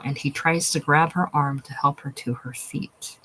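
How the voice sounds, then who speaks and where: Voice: medium pitch, steady tone, normal speed, few pauses, sharp tone, rough recording. A reader going through a play aloud, reading the stage directions in a plain way.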